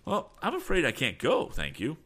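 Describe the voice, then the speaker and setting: A man voicing an eager young inventor, pitched higher. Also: wildly swooping pitch, normal speed, pushed and bright, heavily acted.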